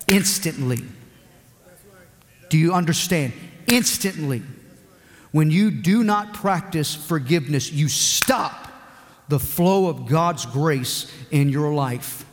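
A man's voice: on the high side, expressive, slow. A male pastor delivering a sermon, moving from a personal story to emphatic preaching. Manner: storytelling with acted quotes, then emphatic preaching. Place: church sanctuary. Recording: long hall reverb.

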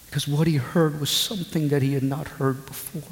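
A man preaching a sermon as a pastor, telling a story slowly and with feeling, with dramatic pauses. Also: a little high, steady tone. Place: church hall. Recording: echoey hall, long reverb.

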